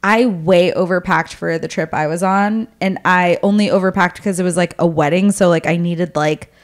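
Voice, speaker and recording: A young woman co-hosting a podcast, telling family stories in casual chat, quick and swearing, mimicking her parents. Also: on the low side. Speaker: podcast co-host.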